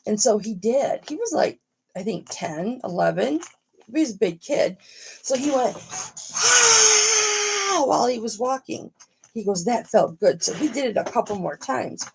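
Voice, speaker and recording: A woman's voice: on the high side, expressive, normal speed, gravelly, heavy background noise. A middle-aged woman hosting a casual live stream, talking frankly and motherly to her viewers and swearing freely.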